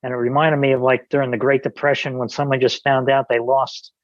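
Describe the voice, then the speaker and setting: A man's voice: medium pitch, flat delivery, a little fast, no room sound, muffled recording. A man, a podcast guest, telling an anecdote in casual conversation, with many restarts and quoted dialogue.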